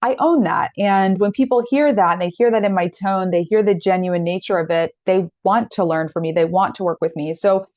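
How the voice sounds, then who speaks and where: A woman's voice: medium pitch, fairly quick, few pauses, no room sound, muffled recording. A woman in her thirties teaching an online masterclass in an earnest, direct, encouraging way. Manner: earnest, direct, encouraging, with animated quoted asides.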